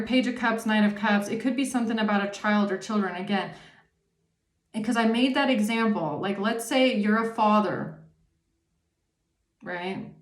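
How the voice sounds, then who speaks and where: A woman's voice: medium pitch, a little mellow, roomy sound. A woman giving a casual tarot reading, talking emphatically, swearing often and checking in with the listener. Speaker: tarot reader.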